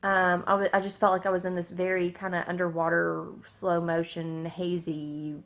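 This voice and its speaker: Gravelly-voiced woman telling her story. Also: fairly low pitch, flat delivery. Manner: halting, with many fillers and restarts, at times close to tears. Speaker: vlogger. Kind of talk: personal storytelling to camera.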